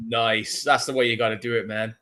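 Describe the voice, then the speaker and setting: Male podcast host, relaxed casual movie talk, mid-range voice, quick to laugh. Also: mid-range voice. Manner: laid-back, easily laughing, reads chat comments.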